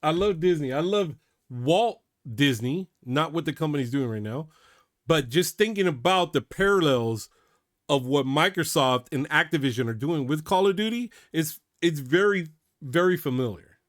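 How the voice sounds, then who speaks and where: A man ranting on his own channel, his voice a touch high and his sound dry and close. He is openly worked up, swings between loud emphasis and hushed asides, and keeps tacking "man" onto his sentences. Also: lively intonation, moderate pace, dry recording. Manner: worked up, repeats "man" often; emphatic, drops loud to quiet. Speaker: channel host. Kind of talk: reaction video rant.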